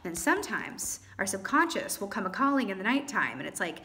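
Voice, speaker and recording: Woman, tarot reader, casual monologue, chatty, lively pitch swings. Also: brisk, hardly any pauses. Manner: chatty, animated, with playful exclamations.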